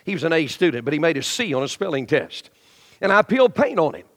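A middle-aged man preaches from the pulpit in a high, ringing voice, swinging from animated exhortation to hushed, intimate storytelling. He mimics grumbling churchgoers as he goes. His words trail off into the long reverb of a large sanctuary. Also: fast talker. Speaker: pastor. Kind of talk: sermon.

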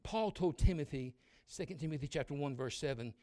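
A man in his sixties delivers a sermon in a fairly high-pitched voice. He presses his points loudly, then sinks into a quiet, confiding telling of his own past. Now and then he mimics sulky children. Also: dry recording. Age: 60s. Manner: preaching loudly with sudden drops to quiet storytelling; acts out mumbling kids in quick asides. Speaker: preacher.

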